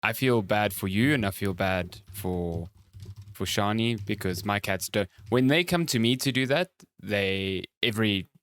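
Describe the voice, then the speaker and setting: A man's voice: on the low side, unhurried, a bit bright, slight background noise. A man co-hosting a casual gaming podcast, rambling and joking. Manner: joking, rambling, acts out what his cats think. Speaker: podcast co-host. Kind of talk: casual chat.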